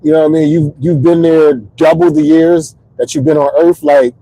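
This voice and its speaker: A man's voice: a little high, normal speed, no room sound, rough recording. A man in his thirties from Connecticut, a comedian host rambling through a casual monologue from his car. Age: 30s. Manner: rambling, animated storytelling. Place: parked car.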